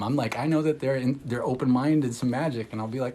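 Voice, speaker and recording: A man, an energy healer, talking in a casual, rambling livestream chat, candid and excitable, swearing freely and laughing often. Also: mid-range voice, fast talker, hardly any pauses, slightly rough. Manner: loose rambling talk full of "like". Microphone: phone livestream.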